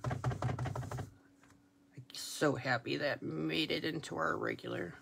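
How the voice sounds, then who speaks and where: A woman's voice: low-pitched, slow, creaky, fairly bright tone, a little hiss or hum. A woman demonstrating a stamping craft project, chatting casually and a little self-deprecatingly as she works at her craft table. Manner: chatty, self-deprecating, thinking aloud while working. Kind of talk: casual how-to commentary while crafting.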